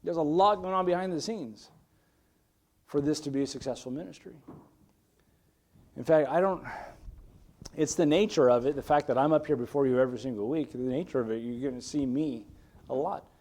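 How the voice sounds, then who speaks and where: A male pastor delivers a sermon in a church with an earnest, conversational manner. His voice sits slightly high for a man. He shifts from emphatic, raised passages to quiet, soft asides. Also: a little fast, long pauses. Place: church sanctuary.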